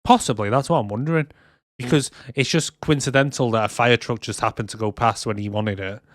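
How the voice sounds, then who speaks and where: A man's voice: mid-range voice, a little fast, fairly bright tone, no echo, clean studio sound. A man co-hosting a movie podcast, chatting casually, swearing freely and retelling scenes. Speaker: podcast co-host. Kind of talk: casual chat.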